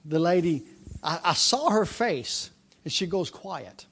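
A man preaching a sermon, telling a personal story and then building into a loud, repetitive preaching cadence. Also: fairly high pitch, lively intonation, slow pace, breathy edge.

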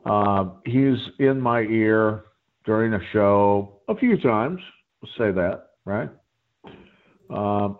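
Man, guest, profane storyteller, lively swooping pitch, tinny phone line. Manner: profane, animated, rambling storyteller. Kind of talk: casual storytelling chat.

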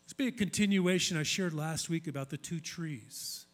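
A man's voice: on the high side, normal speed. A male pastor giving a sermon in a conversational, emphatic style, repeating key phrases for weight.

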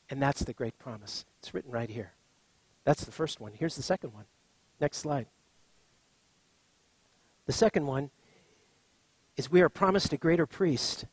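Middle-aged man, pastor in the pulpit, impassioned sermon delivery with big loud-to-soft swings, dry close sound. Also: a little high, dry recording.

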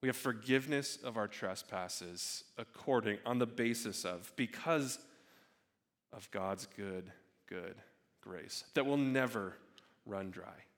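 A young man preaching a sermon as a pastor, earnest, repeating words and dropping to a hush on key phrases. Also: lowish voice, takes it slowly, long reverb tail. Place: church sanctuary.

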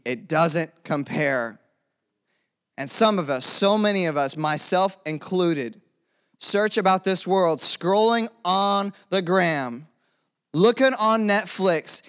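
A young man preaching a lively sermon, calling out to the congregation and asking them to repeat after him. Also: high voice. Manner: energetic call-and-response preaching.

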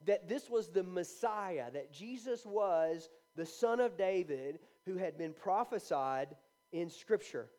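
A man preaches a sermon in a relaxed, conversational way, with frequent restarts and fillers. His voice sits a little high for a man. His tone is dark and mellow. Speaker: pastor.

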